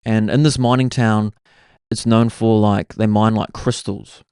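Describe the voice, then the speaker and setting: A man's voice: on the low side, fairly even intonation, measured pace, darkish tone, smooth, no echo, studio quality. A man, hosting his own podcast and rambling through stories in a casual way, full of "like" and "bro". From New Zealand. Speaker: podcast host. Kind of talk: casual solo storytelling.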